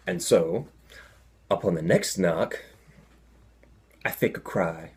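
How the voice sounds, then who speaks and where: A young man telling a comic personal story, animated with deadpan asides. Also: sits low, slow pace, pauses often, breathy edge.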